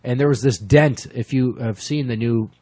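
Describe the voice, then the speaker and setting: A man co-hosting a podcast, telling a crude, profane story in a lively way and putting on the voices of the people in it. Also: mid-range voice, normal speed, dry recording. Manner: profane, animated storyteller who acts out quoted voices. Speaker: podcast co-host.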